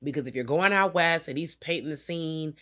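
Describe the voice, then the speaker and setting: A woman's voice: sits low, fairly quick, fairly bright tone. A woman co-hosting a podcast, reviewing a movie in a loose, profane, joking way. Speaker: podcast co-host. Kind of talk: casual movie review chat.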